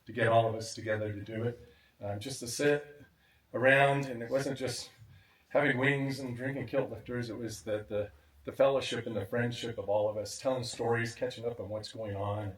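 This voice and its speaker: A man giving a warm, reflective memorial speech, chuckling now and then. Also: mid-range voice, fairly even intonation, moderate pace. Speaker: memorial speaker. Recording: echoey sound from a distant mic.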